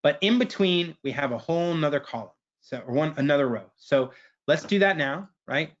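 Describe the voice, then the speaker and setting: A man presenting a webinar, walking through a software screen share in a casual way and tagging his sentences with "right?". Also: a little high, lively intonation, moderate pace, dull audio. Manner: casual, keeps asking "right?".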